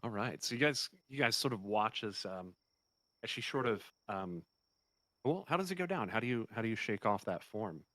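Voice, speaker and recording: Game master, a man with a very deep voice, halting narration, dry close sound. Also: lively intonation, sharp tone, no echo. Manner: halting narration full of ums.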